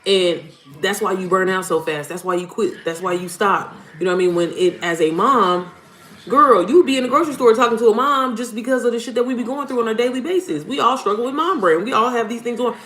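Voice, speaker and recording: A woman's voice: fairly high pitch, brisk, fairly bright tone. Chatty blunt woman livestream host. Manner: chatty, blunt, swears casually, addresses viewers as y'all. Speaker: livestream host and mom business coach. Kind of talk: casual livestream chat. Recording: roomy home livestream with faint music.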